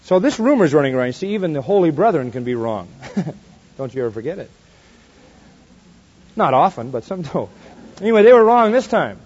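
High-voiced, animated male preacher. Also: slightly rough, lo-fi sound. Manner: animated preaching, swinging between soft asides and loud emphasis; slows right down to stress quoted verses. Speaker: pastor. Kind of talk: expository sermon.

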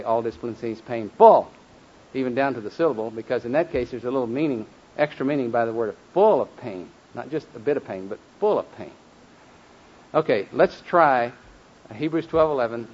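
A man of average pitch teaches a group to memorize scripture, drilling them in call-and-response and slowing to stress each word. He breaks in with folksy, self-deprecating asides. The recording is dull and lo-fi. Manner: leads call-and-response drills, slows and stresses words when reciting.

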